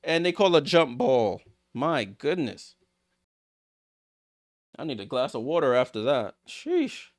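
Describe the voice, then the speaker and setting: A man hosting a live watchalong stream, calling basketball play-by-play and reacting excitedly to each play. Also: medium pitch, a little slow, long pauses. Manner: excitable, rattles off passes, reacts aloud. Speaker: watchalong host.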